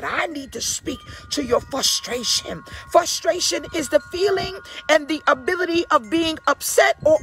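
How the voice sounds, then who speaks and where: A woman pastor preaching an impassioned sermon in a husky voice, at times bursting into shouts. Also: high voice. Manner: impassioned, calls listeners baby, bursts into shouts. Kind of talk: fiery sermon.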